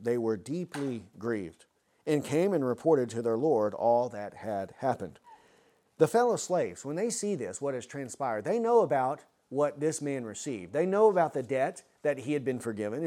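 A man's voice: mid-range voice, mellow. A man preaching an expository sermon, earnest and full of rhetorical questions.

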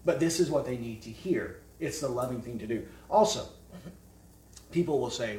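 A man preaching an expository sermon, forceful and emphatic, firing off rhetorical questions. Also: medium pitch, normal speed. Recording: echoey room, mic at a distance.

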